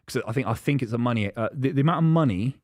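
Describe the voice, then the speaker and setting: Man, co-host, lively pitch, jokey, dry studio sound. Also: very fast, no room sound. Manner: animated, jokey. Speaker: podcast co-host. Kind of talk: casual chat on a live stream.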